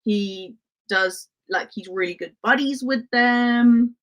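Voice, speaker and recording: A woman's voice: fairly high pitch, takes it slowly, fairly bright tone. A woman who grew up in Spain hosts a casual livestream, reading viewer comments in a chatty way and laughing often, with lots of "um" and "like". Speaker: livestream host.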